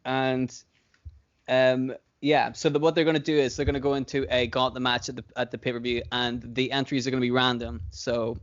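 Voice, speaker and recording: A man's voice: mid-range voice, little pitch movement, fairly quick, highs cut off. A man co-hosting a casual chat, rambling and swearing freely with frequent laughs. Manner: rambling, profane, laughs often. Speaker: podcast co-host booking wrestling shows.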